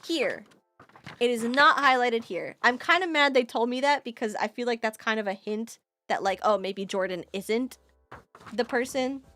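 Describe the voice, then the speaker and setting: Woman streamer, high lively voice, bright, excitable, sudden shouting outbursts, swears. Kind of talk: live-streamed game commentary.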